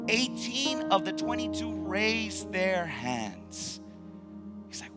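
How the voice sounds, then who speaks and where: A man pastor preaching a sermon to his church. He stresses key words by repeating them and moves between quiet, slow lines and loud, raised passages. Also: high voice, lively intonation, over music. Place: church sanctuary.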